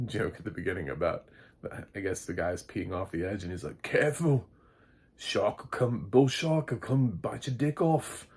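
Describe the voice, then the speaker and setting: Low husky man reviewing a film. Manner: rambling and chatty, with many fillers and light laughs. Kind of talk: casual spoken movie review.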